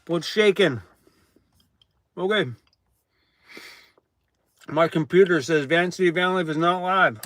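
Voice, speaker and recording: A man's voice: high voice, slow, long pauses, a bit bright, no room sound. Tired laid-back man chatting live. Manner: laid-back, chatty, laughs often, talks while chewing. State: tired, worn out. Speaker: van life vlogger hosting a live chat. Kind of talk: casual livestream chat, reading viewer comments. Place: inside a van at night.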